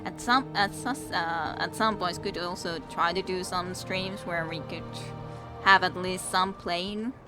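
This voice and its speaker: A woman's voice: fairly low pitch, fairly even intonation, a little slow. A young woman, chatting and giggling as she streams a game and talks to the enemies she fights. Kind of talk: casual let's-play commentary. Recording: game music playing under the voice. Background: video game music.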